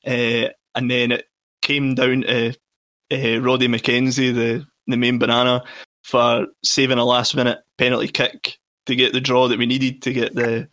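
A man's voice: mid-range voice, completely flat delivery, moderate pace, bright, forceful tone. A man, hosting a fan podcast and asking long, enthusiastic questions. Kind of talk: casual interview questions.

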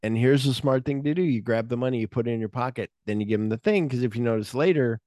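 Talking quickly in a mid-range voice, this podcast co-host retells a film with real animation, performing scenes, humming its music cues, and cursing without restraint. The studio-quality sound has no echo.

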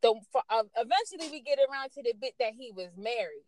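A woman chats and spins stories as a podcast co-host, her voice high and swinging widely up and down. She sounds animated and loud at times. The recording is close and dry. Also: fast talker, no room sound. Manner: lively storytelling, animated and loud. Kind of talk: casual chat.

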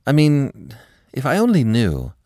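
A man voicing an anxious, restless young wife in an audiobook reading, raising his voice higher and speaking quickly. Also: huge pitch swings, dark tone, no echo, clean studio sound. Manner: nervy, quick, higher pitched.

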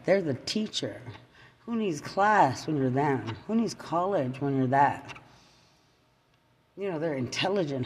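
A podcaster, a man, delivering an angry personal rant, bitter and accusing, rambling with sudden swings between loud outbursts and muttering. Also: mid-range voice, a little hiss or hum.

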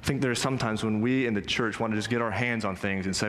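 A man's voice: medium pitch, steady tone, a bit bright. Earnest male pastor preaching in a reverberant hall. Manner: emphatic, earnest preaching with slow stressed quotes. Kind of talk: sermon. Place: church sanctuary.

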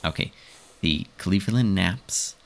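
Gravelly-voiced man reading a quiz. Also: sits low. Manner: laughs often, reads choices slowly. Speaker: podcast co-host, quizmaster. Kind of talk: casual chat, reading quiz questions.

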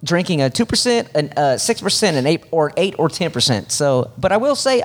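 A man hosting a casual podcast chat, excitable and whooping, with lots of stumbling restarts. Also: on the high side, a little fast. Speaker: podcast host.

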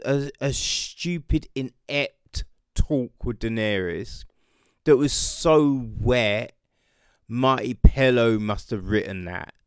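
Animated British man ranting sarcastically. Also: medium pitch, clean tone, no room sound, studio quality. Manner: sarcastic, swears freely. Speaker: TV show reviewer. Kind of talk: casual ranting commentary.

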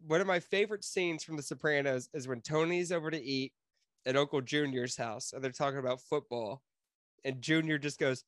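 A man's voice: on the high side, a little fast, no echo, studio quality. A man co-hosting a casual podcast, tipsy and ranting with lots of swearing. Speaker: podcast co-host. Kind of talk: casual chat.

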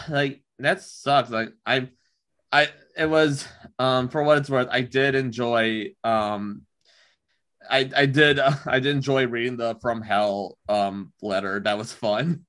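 Hesitant man with a bright voice. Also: medium pitch, fairly even intonation. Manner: halting, with many ums and restarts. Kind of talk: casual podcast chat.

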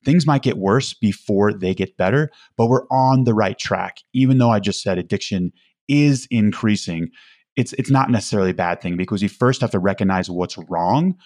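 A man's voice: on the low side, normal speed, darkish tone, no echo, clean studio sound. A man speaking as a podcast guest, earnest and emphatic, often restarting his sentences. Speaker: podcast guest, recovery community founder. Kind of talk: conversational interview.

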